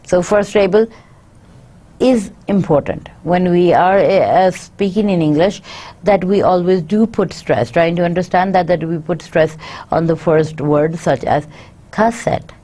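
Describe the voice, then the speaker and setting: Woman lecturer w/ a lowish mellow voice, says stuff twice w/ lots of uhs. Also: unhurried. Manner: explains each point twice, many fillers. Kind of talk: university lecture, reading and paraphrasing.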